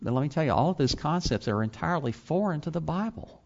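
A man's voice: a little high, expressive, quick pace, darkish tone. Man preaching with rhetorical questions. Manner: rhetorical questions, rising to emphatic peaks. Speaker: pastor and college teacher. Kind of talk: sermon. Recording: slightly dull lo-fi sound.

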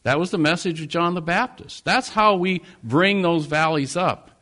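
A man's voice: on the high side, moderate pace, bright, forceful tone. A man from the United States preaching a sermon, earnest, with rising and falling emphasis. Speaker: pastor.

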